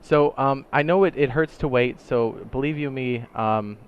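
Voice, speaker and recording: A man hosting a gaming update video, chatting casually and excitedly, throwing in silly sound effects. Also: medium pitch, normal speed, clear, resonant tone, highs cut off. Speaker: gaming channel host.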